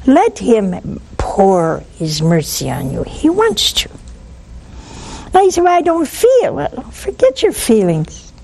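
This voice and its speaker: A woman's voice: medium pitch, takes it slowly, vocal fry, slight background noise. An older woman giving spoken religious teaching on a call-in show, acting out little dialogues as she talks. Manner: lively, acts out little dialogues. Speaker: nun hosting a call-in show.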